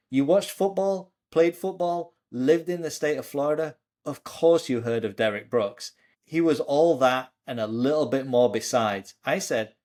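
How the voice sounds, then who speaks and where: A man co-hosting a podcast, reading memoir passages aloud and retelling the story in between. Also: medium pitch. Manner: storytelling, lively when quoting. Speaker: podcast co-host.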